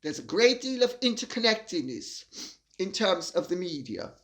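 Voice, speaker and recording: An older woman delivering an indignant opinion monologue as a commentator, with emphatic, deliberate stresses. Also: mid-range voice, big pitch swings, fairly bright tone.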